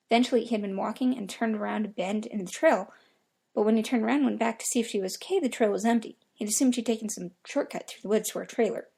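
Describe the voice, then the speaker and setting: A young woman reads a horror story aloud, her voice sitting a little high. She tells it casually, like a first-person account, swearing freely as she goes. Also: gravelly, a little mellow, slightly rough. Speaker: narrator. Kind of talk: creepypasta reading.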